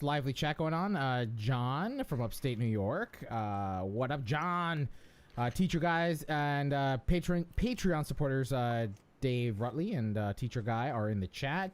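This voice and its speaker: A man's voice: a little high, normal speed, clean tone. A man hosting a live podcast, chatting casually and teasing his co-hosts. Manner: animated, jokey, playful teasing. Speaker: podcast host.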